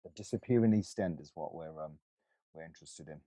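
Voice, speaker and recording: A man's voice: very deep voice, brisk, mellow, no room sound. A man from East London introducing himself casually as co-host of an online panel over a video call.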